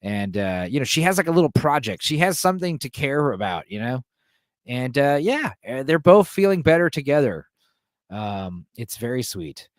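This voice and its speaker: A man's voice: mid-range voice, big pitch swings, normal speed, dry recording, studio quality. Rambling man retelling a film. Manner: loose, rambling, filler-heavy. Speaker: podcast host.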